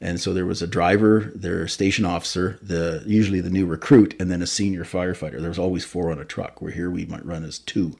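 A man's voice: sits low, steady tone, brisk, creaky, few pauses, darkish tone, husky. A man in his fifties from Canada, a fire chief telling stories in a casual interview, rambling and correcting himself as he goes. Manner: rambling, self-correcting storyteller.

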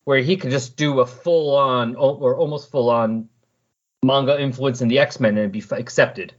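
A man hosting a podcast goes over comic book scenes in relaxed conversation, animatedly voicing what the characters say. His pitch is medium, his tone steady, and his pace moderate. The highs in the recording are cut off.

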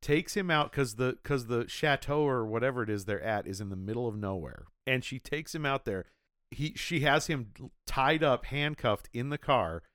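A man's voice: medium pitch, lively intonation, moderate pace, fairly bright tone, clear, resonant tone, no echo. Rambling male podcast co-host, dry sound. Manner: rambling, tangent-prone storyteller. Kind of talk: casual chat.

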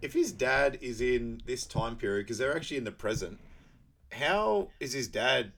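A man co-hosting a film podcast in an easygoing, chatty way. He talks loosely and swears freely. Now and then he bursts into loud, mimicked lines. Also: medium pitch, animated, moderate pace, vocal fry. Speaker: podcast co-host. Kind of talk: casual film recap chat.

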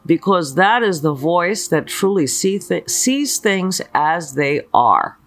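Slow, earnest spiritual teacher. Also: mid-range voice, sing-song, a bit bright, soft background music. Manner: earnest, asks many rhetorical questions, often checks in with "okay". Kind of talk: slow motivational spiritual talk leading a mantra.

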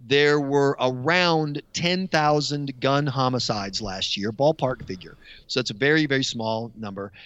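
A man with an American accent arguing his side in a studio debate, sarcastic and animated. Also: mid-range voice, a little slow, clean tone, lo-fi sound. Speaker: studio guest.

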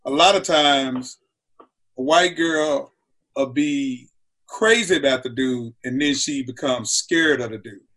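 A comedian guest on a talk show, telling stories in a lively way and acting out quotes, sometimes shouting. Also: male voice, medium pitch, slow. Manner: acts out quotes with loud shouting asides. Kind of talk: animated storytelling on a talk show.

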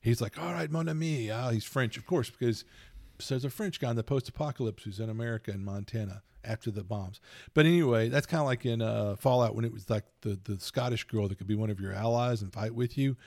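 Middle-aged male podcast host, gravelly, animated and rambling, dry booth sound. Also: on the low side, fast talker, dry recording. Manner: rambling, animated storytelling with laughs. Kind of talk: casual chat.

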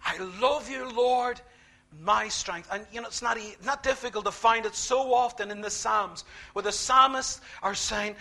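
A man preaching a sermon, emphatic, repeating key phrases and swinging between quiet, slow lines and loud ones. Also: extremely high pitch.

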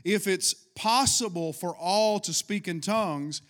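High voiced middle aged guy preaching, fired up, asks the church for amens. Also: measured pace, fairly bright tone. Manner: fervent preaching with call-and-response. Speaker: pastor. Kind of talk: sermon.

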